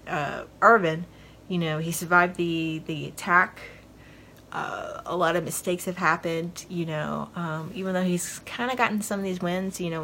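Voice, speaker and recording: A woman's voice: on the low side, fairly bright tone, a little hiss or hum. A woman podcast host giving a casual, rambling recap of a TV episode, full of fillers as she retells the scenes.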